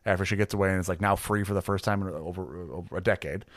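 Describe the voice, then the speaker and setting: A man's voice: low voice, fairly even intonation, very fast, no room sound, clean studio sound. A man acting as game master, talking through a character's backstory in a loose, rambling way with lots of fillers. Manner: rambling, filler-heavy, laughs easily. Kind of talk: casual tabletop planning chat.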